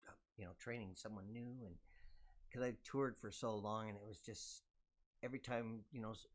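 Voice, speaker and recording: An older man talking casually. He speaks softly and humbly, agreeing easily as he reflects aloud. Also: fairly low pitch, steady tone, normal speed. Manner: soft-spoken, humble, agreeable. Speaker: musician guest. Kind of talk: casual conversation.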